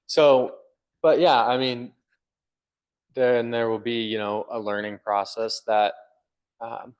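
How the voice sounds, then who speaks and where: A young man co-hosting a podcast, earnestly explaining his views with examples in casual talk. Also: on the low side. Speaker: podcast co-host. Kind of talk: casual conversation.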